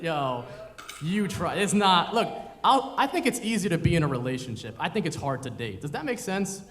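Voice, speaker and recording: Young comedian, live one-man show, slightly high voice, confessional and rambling, long hall reverb. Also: animated, normal speed, a crowd in the background. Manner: confessional, rambling, self-deprecating. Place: performance venue in front of an audience.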